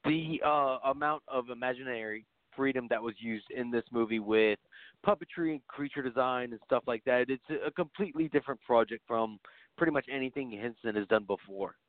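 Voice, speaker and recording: A man's voice: medium pitch, a little fast, dry recording, phone-quality sound. A man co-hosting a horror podcast in casual chat, easygoing and chuckling. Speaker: podcast co-host.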